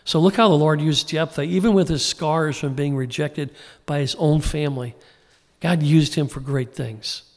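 A man's voice: a little high, moderate pace. Folksy preacher man in a reverberant hall. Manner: folksy, informal, acts out quoted voices. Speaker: pastor. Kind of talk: conversational Bible teaching sermon.

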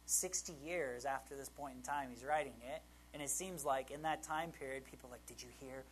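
Fairly quick and medium-pitched, a man preaches on a low-quality recording carrying a little hiss or hum. It's conversational Bible teaching, informal in tone, and he keeps checking in with the people listening.

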